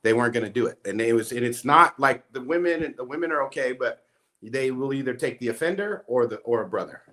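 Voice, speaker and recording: A man's voice: mid-range voice, expressive, fast talker, sharp tone. A man casually recounting a story, acting out quoted dialogue as he goes. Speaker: guest.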